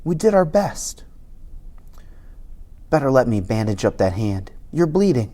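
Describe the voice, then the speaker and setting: A reader doing a gentle, sorrowful woman doctor. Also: mid-range voice, sing-song, voice pushed down. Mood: gently sad. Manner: soft, slow and quiet. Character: kind sad woman doctor, gentle and weary. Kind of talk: audiobook character voice.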